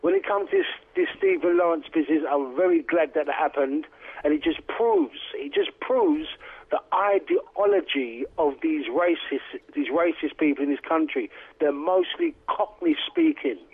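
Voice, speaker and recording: A high-pitched man talks over a tinny phone line into a radio show. He rambles emphatically, stumbling and restarting as he builds his points. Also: wildly swooping pitch, moderate pace, vocal fry, breathy edge. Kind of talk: talk radio discussion.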